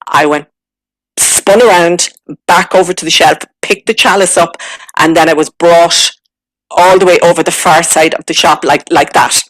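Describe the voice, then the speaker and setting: A middle-aged Irish woman giving a personal testimony, halting and emotional, with many fillers and restarts. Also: fairly low pitch, steady tone, no room sound, low-quality recording. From Ireland. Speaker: guest recounting a spiritual experience.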